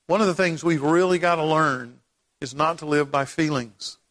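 Recorded with long hall reverb in a church sanctuary, a man preaching as pastor prays and then builds to emphatic, repeated lines in impassioned fashion. His voice is a little high and fairly bright, at a moderate pace.

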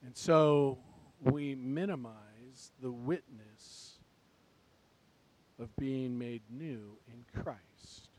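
A man preaching a sermon to a church congregation, swinging between quiet, reflective passages and loud, urgent ones. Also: medium pitch, extremely slow, poor audio. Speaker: pastor. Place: church sanctuary.

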